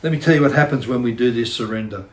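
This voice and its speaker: Middle-aged male pastor, mid-pitched, earnest and self-deprecating sermon delivery, echoey church room. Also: quick pace. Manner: earnest, repeats phrases for emphasis, self-deprecating.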